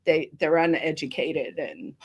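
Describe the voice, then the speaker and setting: A woman's voice: low voice, measured pace, slightly rough, lo-fi sound. Woman from South Africa, podcast guest, chatty and emotional, teary and tired. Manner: chatty, emotional, laughs often. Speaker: guest, activist. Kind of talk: casual podcast chat.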